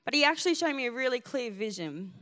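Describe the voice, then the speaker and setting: A woman's voice: a little high, lively intonation, fast talker, fairly bright tone. A woman pastor preaching a sermon, telling a personal story in an emphatic way. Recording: long hall reverb.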